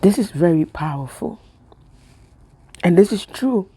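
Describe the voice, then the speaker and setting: A woman's voice: fairly low pitch, lively intonation, a little slow, dark tone, husky. A woman vlogger giving an emotional spiritual monologue, talking in a repetitive, preacher-like way and close to tears. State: tearful.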